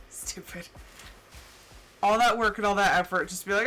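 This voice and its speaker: A woman's voice: medium pitch, a little slow, long pauses. A woman game streamer chatting casually with her viewers, telling stories and laughing between bits of play. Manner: chatty, storytelling with laughs and animated quoted voices. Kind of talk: casual live-stream chat.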